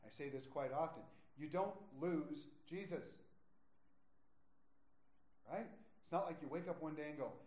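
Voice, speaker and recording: A man preaching a sermon, stressing words slowly and dropping to quiet asides. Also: a little high. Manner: emphatic, drawn-out stresses, drops to quiet asides. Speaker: pastor. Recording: echoey room.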